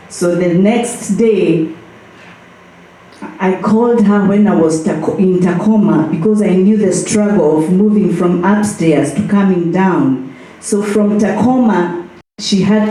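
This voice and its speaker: A woman's voice: lowish voice, mellow, slight background noise. A woman giving a personal tribute at a memorial, telling her story with some hesitation. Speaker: memorial speaker. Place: church hall. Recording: echoey hall, far from the mic.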